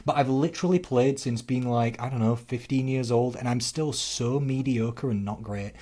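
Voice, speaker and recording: A man, a fitness coach co-hosting a podcast, talking in casual chat with punchy loud stresses and quiet asides. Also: mid-range voice, moderate pace.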